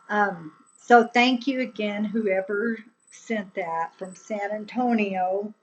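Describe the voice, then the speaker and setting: A woman's voice: mid-range voice, takes it slowly, few pauses, soft background music, rough recording. A woman chatting on a live stream, rambling and laughing often as she talks to her viewers. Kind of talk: casual political chat on a live stream.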